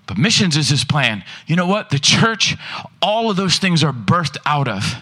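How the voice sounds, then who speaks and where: A man pastor preaching a lively sermon in a church, throwing rhetorical questions at the congregation. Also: high-pitched, measured pace.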